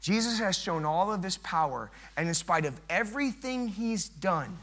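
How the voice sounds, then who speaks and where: A middle-aged man preaching a sermon as pastor, swinging from loud, emphatic build-ups to hushed, low passages. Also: animated, normal speed.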